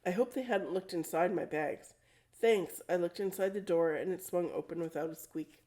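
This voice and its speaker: A woman reads a storybook aloud in a mellow, low-pitched voice. Her reading is plain and steady, and she corrects herself now and then. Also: a little fast. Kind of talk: storybook read-aloud narration.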